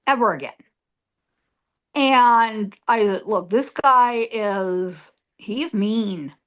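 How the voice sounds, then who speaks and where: Slow-talking, high-voiced woman medium. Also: fairly bright tone, dull audio. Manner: emphatic, repeats words for effect. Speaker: psychic medium guest. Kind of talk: storytelling in an interview.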